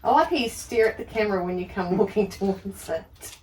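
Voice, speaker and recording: A woman's voice: medium pitch, animated, a little fast, a little mellow, recorded from a distance, a little hiss or hum, low-quality recording. A woman chatting and teasing from across the room.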